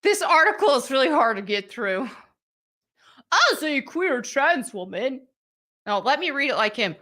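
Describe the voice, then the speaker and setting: A woman's voice: a little high, animated, normal speed, sharp tone. A woman hosting a live show, giving blunt, sarcastic commentary while reading from articles. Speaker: livestream show host.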